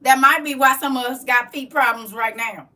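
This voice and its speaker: A middle-aged woman hosts a casual livestream at home, reading chat, laughing often and teasing viewers in fun. Her high voice has a sharp tone and a moderate pace. The recording catches her distant from the mic.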